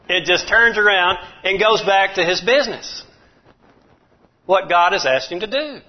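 Folksy preacher man, muffled recording. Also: sits high. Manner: folksy, animated preaching with chuckles. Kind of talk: sermon.

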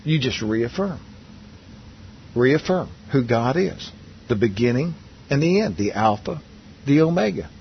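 A man's voice: mid-range voice, expressive, unhurried, gravelly, pauses often, highs cut off, a little hiss or hum. A man preaching a Bible lesson in a conversational way, asking his listeners questions and often restarting his sentences. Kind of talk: Bible teaching sermon.

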